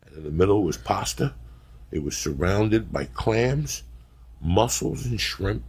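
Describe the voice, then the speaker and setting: Gravelly, deep-voiced man telling profane stories. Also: animated, unhurried, a little mellow, slight background noise. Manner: profane, laughing, rambling storyteller. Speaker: podcast host. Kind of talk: casual podcast storytelling.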